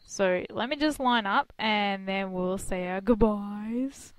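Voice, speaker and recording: An Australian woman co-hosts a casual internet radio chat, telling stories and laughing often. She speaks slowly at medium pitch, with a clean tone and no echo.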